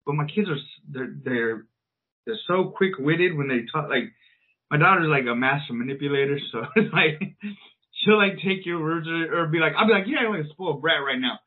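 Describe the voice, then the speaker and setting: Rambling, cussing dad with a husky voice. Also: male voice, a little high, animated, fairly quick. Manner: rambling, profane, lots of fillers. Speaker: podcast co-host. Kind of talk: casual storytelling chat. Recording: tinny, phone-like sound.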